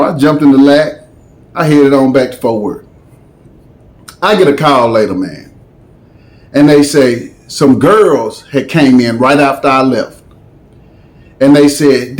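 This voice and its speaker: A man's voice: on the high side, animated, unhurried, long pauses, a little mellow. A man telling a story in a casual, slangy way, with dramatic asides.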